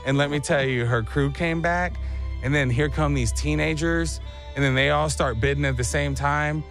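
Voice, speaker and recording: A young man with a high voice telling a comic story with plenty of energy. He jumps in and out of voices as he goes. Faint music sits under the talk. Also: normal speed, creaky. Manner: animated, acts out voices.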